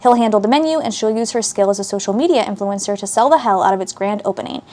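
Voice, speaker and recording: A woman's voice: medium pitch, animated, quick pace, darkish tone. A woman, casually chatting as she reads book synopses aloud and reacts to them. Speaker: book channel host.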